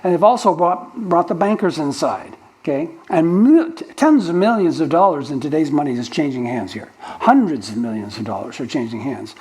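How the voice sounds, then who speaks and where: A male pastor preaches in a fairly high voice for a man, teaching verse by verse. He stops often to explain old word meanings and restarts his sentences mid-thought. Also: lively intonation, normal speed, few pauses, darkish tone, poor audio. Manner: explanatory teaching, breaks down original-language words with restarts. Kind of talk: sermon. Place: church sanctuary.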